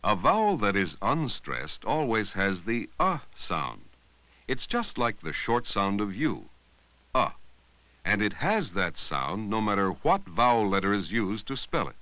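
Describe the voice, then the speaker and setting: A man narrating an old educational film about reading long words, speaking slowly and deliberately and stretching out words to show their sounds. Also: lowish voice, big pitch swings, sharp tone, no room sound, low-quality recording. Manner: slow, deliberate, drawing out words to teach sounds. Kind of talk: scripted instructional narration. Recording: dry, close voice-over from an old 16mm film.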